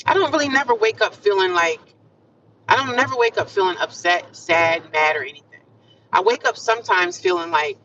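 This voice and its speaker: A woman's voice: medium pitch, animated, a little fast, a bit bright, a little hiss or hum. Upbeat woman livestreaming from a car, chatty and affirming, caught a bit far off on a muffled phone mic. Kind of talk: casual livestream chat. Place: inside a car. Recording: distant, muffled phone audio.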